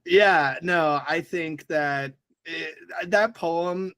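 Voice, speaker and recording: Chatty, slangy young man, slightly high voice. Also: extremely slow, a bit bright, clean tone, dry recording. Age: young adult. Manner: chatty, slangy, laughs often. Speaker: podcast co-host. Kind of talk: casual political chat.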